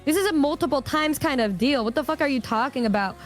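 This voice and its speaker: A woman's voice: sits high, lively intonation, quick pace, soft background music. A woman streaming, chatting casually in a blunt, exasperated way and swearing often. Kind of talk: casual chat.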